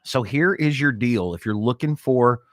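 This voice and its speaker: A man's voice: medium pitch, normal speed, no echo, studio quality. A man co-hosting a casual comedy podcast, joking and talking over his partner. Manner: joking, talks over others. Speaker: podcast co-host.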